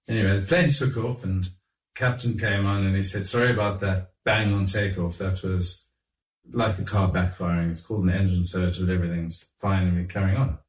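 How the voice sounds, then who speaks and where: A middle-aged man telling anecdotes in an animated, chuckling way, acting out what others said. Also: lowish voice. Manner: animated, chuckling raconteur who acts out quotes. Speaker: guest telling stories. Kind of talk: anecdotal storytelling. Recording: roomy, distant mic.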